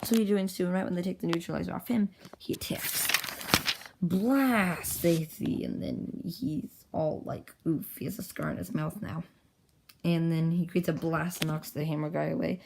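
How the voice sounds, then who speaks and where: Her fairly low, gravelly voice has a darkish tone and fairly even intonation, moving at a moderate pace over poor audio with a little hiss or hum. Speaking into an iPad with a pop socket, she casually narrates her own comic, rambling, chatty and self-mocking.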